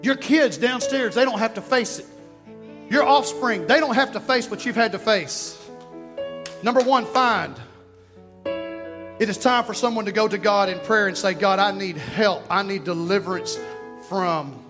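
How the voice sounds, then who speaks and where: A man's voice: high voice, measured pace, pauses often, big-room sound, over music. A man, preaching a sermon in a church and calling the congregation to respond. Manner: animated preaching with call-and-response. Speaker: pastor. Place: church sanctuary.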